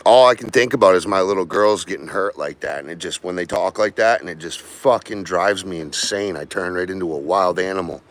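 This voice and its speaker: A man's voice: low voice, a little fast, hardly any pauses. A man who works as a carpenter, chatting casually and rambling to viewers while working, with some angry outbursts. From Maine, US.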